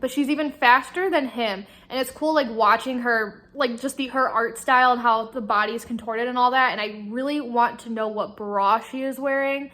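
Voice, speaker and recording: A woman with a high voice talks through her reading in a casual vlog. She gushes and rambles excitedly, with plenty of swearing mixed into her chat. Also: moderate pace, hardly any pauses. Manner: excitable, gushing, swears freely. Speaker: vlogger. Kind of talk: casual book-reaction chat.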